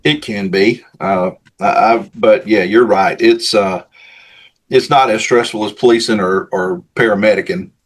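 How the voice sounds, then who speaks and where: A man who is a paramedic and pastor, talking in a measured way with dry, dark humor as a guest. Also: lowish voice, steady tone. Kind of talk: casual interview chat.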